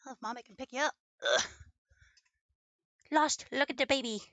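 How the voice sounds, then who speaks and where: A young woman chatting casually at home while studying, cooing baby talk to her dog in a creaky voice. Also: high-pitched, normal speed, sharp tone, no room sound. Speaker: streamer. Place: home room with a desk and green screen.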